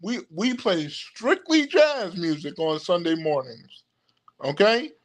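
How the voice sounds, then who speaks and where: A young man with a notably high voice drifts slowly through a casual livestream chat. He stumbles and restarts his words constantly, and keeps calling out to his viewers. His pace is unhurried and loose. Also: expressive. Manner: halting, many restarts and stammered repeats, laughs often; addresses viewers directly as "y'all". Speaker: occult livestream host. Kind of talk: rambling casual livestream talk.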